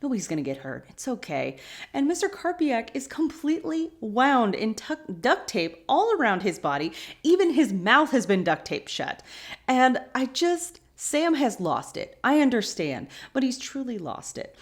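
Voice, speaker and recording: A woman's voice: high-pitched, very animated, a little slow. A woman hosting a rewatch podcast, casually retelling an episode's scenes and adding her own opinions.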